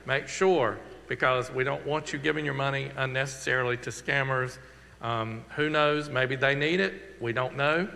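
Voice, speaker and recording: Speaking from a church sanctuary with long reverb, this man is a pastor with a Southern accent. His medium-pitched voice holds a steady tone and sounds creaky, pushed and bright. He delivers announcements and a closing prayer earnestly and conversationally, slowing for emphasis.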